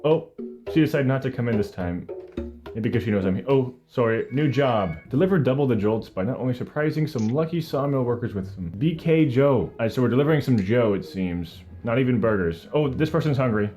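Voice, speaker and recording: Young male streamer, mid-pitched voice, jokey self-mocking play-by-play, faint music underneath. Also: fairly quick. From Canada. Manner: animated, self-mocking, jokey running commentary. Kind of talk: live gameplay commentary.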